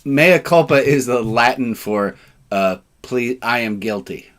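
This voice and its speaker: A man leading a relaxed, informal service, joking and self-deprecating, with sarcastic asides. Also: mid-range voice, a little slow.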